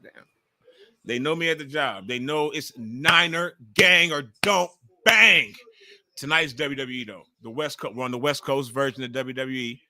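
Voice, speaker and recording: Brief: bright, dry-sounding man in his forties, livestream host, excitable and cursing, talks over the action. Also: medium pitch, moderate pace, no room sound. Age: 40s. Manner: loud, profane and excitable, reacting to the action. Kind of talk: live commentary while watching wrestling.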